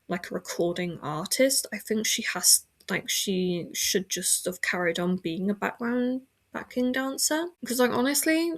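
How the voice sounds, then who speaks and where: A woman hosting a podcast from a room at home, chatting casually and rambling with lots of filler words and self-corrections. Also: mid-range voice. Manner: frequent self-corrections and restarts. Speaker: podcast host. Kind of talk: casual chat.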